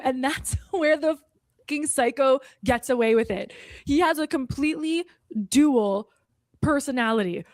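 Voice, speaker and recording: A woman speaking a little higher than most, telling a personal story with a snarky edge and plenty of "like" fillers. The sound is dry and close, with no room around her voice. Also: moderate pace, dry recording. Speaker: storyteller recounting an incident. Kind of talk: confessional video monologue.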